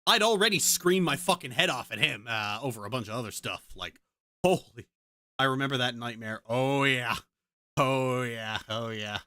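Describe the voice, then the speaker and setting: A woman's voice: a bass voice, animated, a little fast, hardly any pauses, sharp tone, dry recording, clean studio sound. A woman streamer in casual chat, ranting heatedly and swearing a lot.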